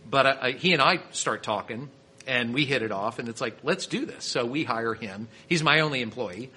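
A man's voice: mid-range voice, normal speed, bright, forceful tone, breathy edge. A man from Kansas City, a winery owner and sommelier, telling stories as a podcast guest in a chatty way with many restarts. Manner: chatty storyteller with frequent restarts. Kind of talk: casual storytelling interview.

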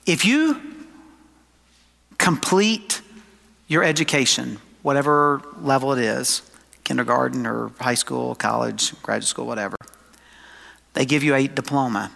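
A man preaching a sermon to his congregation, emphatic, slowing down for quoted scripture and dropping into conversational asides. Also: mid-range voice, gravelly, bright, forceful tone. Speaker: pastor. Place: church sanctuary. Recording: long hall reverb.

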